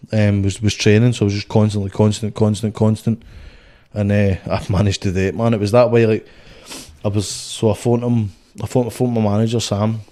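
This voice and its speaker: A young Scottish boxer, appearing as a guest on a casual podcast, tells stories in a blunt, sweary, rambling way. His voice is fairly low and mellow.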